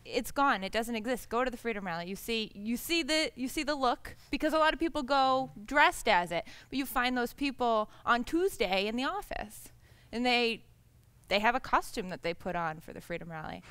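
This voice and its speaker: Bright-voiced woman panelist. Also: on the high side, animated, clean tone. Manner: brisk, conversational, frequent restarts. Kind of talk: public forum discussion.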